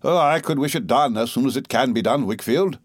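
A man voicing a gentle, absent-minded old male schoolmaster in a mild, earnest way. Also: mid-range voice, fairly quick, slightly rough, no room sound, voice pushed up, close to an everyday voice.

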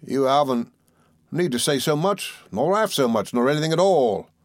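A man putting on a scheming young clerk from a classic novel, oily and falsely humble, his talk sulky and wheedling. The voice sits higher than the reader's own narrating voice, in a dry recording with no room sound. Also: fairly quick, darkish tone, no echo, close to an everyday voice. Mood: fawning. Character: fawning, sly young male clerk schemer. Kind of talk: audiobook reading.

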